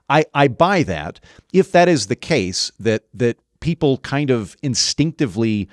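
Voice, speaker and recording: A man's voice: medium pitch, big pitch swings, a little slow, dry recording, clean studio sound. Chatty, opinionated male podcast host. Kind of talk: conversational interview.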